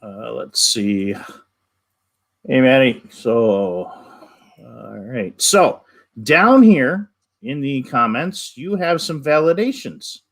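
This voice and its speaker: A man from the United States co-hosting a live stream, reading viewer comments in a dry, low-key way. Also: lively intonation, slow, creaky. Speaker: co-host reading chat comments.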